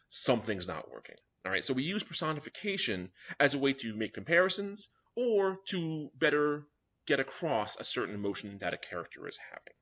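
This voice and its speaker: A man's voice: mid-range voice, big pitch swings, a little fast, sharp tone. A man teaching a young writers' workshop, explaining step by step and often checking in with "all right?". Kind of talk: classroom lecture. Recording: dull lo-fi recording.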